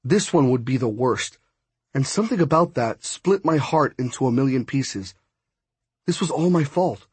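A man narrating a first-person story as an audiobook, voicing each character with small shifts in pitch. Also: expressive, normal speed, breathy edge, no room sound.

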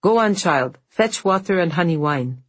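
A woman's voice: fairly low pitch, animated, normal speed, husky, no room sound. A woman voicing a stern, wheezing old woman servant.

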